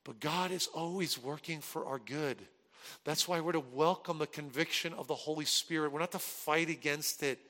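A pastor preaching a sermon and telling a personal story, swinging from loud animated peaks to hushed earnest moments. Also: male voice, on the high side, normal speed, big-room sound.

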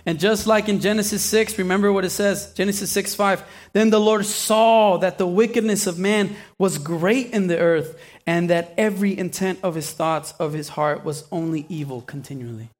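A man preaching a sermon in a conversational way, asking the listeners questions and acting out small asides, often restarting and repeating words. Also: on the high side.

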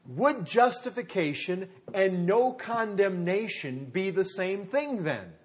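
A man preaching a sermon in a conversational way, asking his listeners rhetorical questions and calling them folks, often dropping low and quiet to stress a point. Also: animated, slow pace, few pauses. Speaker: pastor.

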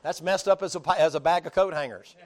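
A man's voice: on the high side, quick pace, darkish tone. A man with a Southern US accent preaching a sermon in a folksy, joking way full of homespun sayings. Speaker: pastor.

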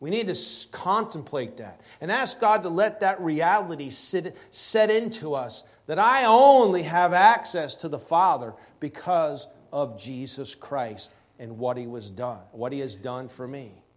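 Male preacher, sermon, fairly high-pitched voice, emphatic drawn-out stresses, rhetorical questions. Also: expressive.

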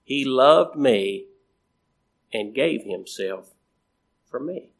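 A man preaching a sermon in a slow, repetitive cadence, with emphatic rises and phrase endings that trail off quietly. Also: mid-range voice, animated, vocal fry.

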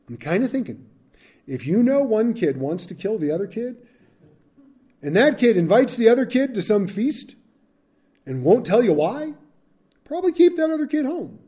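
A man's voice: high voice, dark tone. A male Bible teacher reading scripture aloud and breaking off into chatty, wry asides to his group. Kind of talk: scripture reading with casual commentary.

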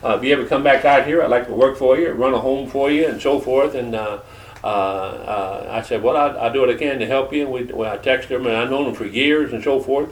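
An older man with a Southern Georgia accent preaching a testimony sermon, telling stories in a folksy, halting way with many fillers. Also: mid-range voice. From Detroit. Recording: echoey room from far off.

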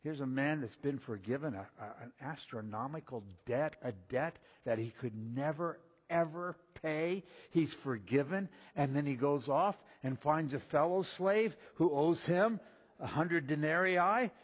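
A man preaching a sermon, reading scripture in a raised voice and dropping low and quiet to explain it. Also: a little slow, husky. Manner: rises loud and high when reading scripture, drops low and quiet when explaining. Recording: dull sound with long hall reverb.

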